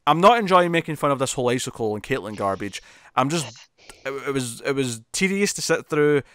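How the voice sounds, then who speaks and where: A man's voice: mid-range voice, animated, fairly quick, a bit bright. A man co-hosting a podcast and chatting casually about TV episodes, speaking with lots of restarts, repeated words and fillers. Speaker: podcast co-host. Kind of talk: casual chat reviewing TV episodes.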